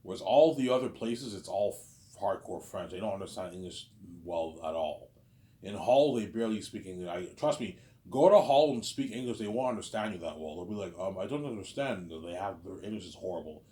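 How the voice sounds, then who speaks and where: A warm, low-sitting male voice belongs to a vlogger in his thirties who talks briskly and animatedly. Rambling through a casual monologue, he circles the same ideas and pads his lines with "obviously" and "you know what I'm saying."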